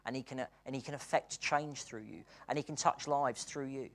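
In a medium-pitched voice and at a slightly fast clip, a preacher from Britain gives an earnest sermon. Some passages are hushed, others excited, and he laughs between points.

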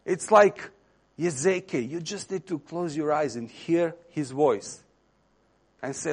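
A man's voice: on the high side, takes it slowly, breathy edge. Impassioned preacher man. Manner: impassioned, swells louder on key phrases then drops to near-whisper. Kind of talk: sermon.

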